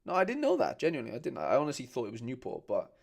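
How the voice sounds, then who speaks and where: A man's voice: mid-range voice, huge pitch swings, very fast, gravelly, darkish tone. A man hosting a casual livestream, chatting with viewers and calling them mate. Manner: chatty, reads out viewer comments, calls people mate. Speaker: host.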